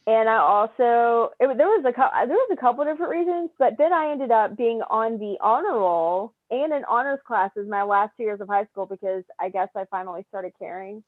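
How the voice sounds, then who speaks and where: A woman's voice: on the high side, normal speed, few pauses, dry recording. Female guest, chatty and bubbly, thin phone-line sound, dry. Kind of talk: casual chat. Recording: tinny phone-like call audio.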